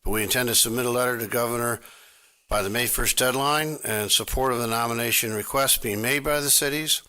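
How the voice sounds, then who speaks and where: A man briefing a county council as county manager, measured and formal, pausing often with "uh". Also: mid-range voice, pushed and bright, clean tone. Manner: measured, many "uh" pauses.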